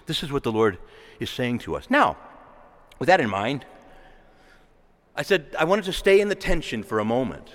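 A man preaching a sermon with impassioned delivery, moving between raised pleading and hushed earnestness. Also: on the high side, big-room sound.

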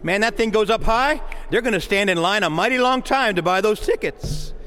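A male pastor preaching a sermon with passion, moving from hushed prayer to excited outbursts. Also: high voice, moderate pace, big-room sound, a little hiss or hum. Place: church sanctuary.

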